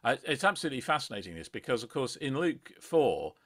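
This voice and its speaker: A man co-hosting a casual talk on a Bible passage, reflective and often filling pauses with "um" and "yeah". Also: medium pitch, sing-song, fairly bright tone. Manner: reflective, with fillers and agreeing interjections. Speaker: podcast co-host.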